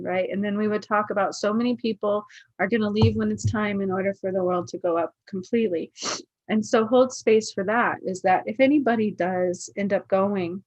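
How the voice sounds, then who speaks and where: A woman's voice: medium pitch, dry recording, rough recording. A woman giving a casual livestream card reading, earnest, often checking in with her viewers. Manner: earnest, keeps checking in with "okay?". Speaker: spiritual card reader.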